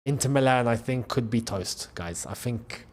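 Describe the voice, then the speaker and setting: A young man hosting a live football watchalong, reacting to the match and shouting at big moments. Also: medium pitch, fairly quick. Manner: excitable, shouts at big chances and goals. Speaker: football channel host.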